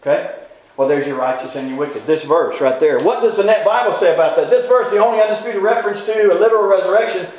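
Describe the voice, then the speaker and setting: A man with a noticeably high voice leads a Bible class in a folksy, informal way. He keeps tossing questions at his listeners and repeating them until someone answers. The recording rings with heavy room echo. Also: fast, a little mellow. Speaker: Bible study teacher. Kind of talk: interactive Bible class lecture. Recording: very echoey room.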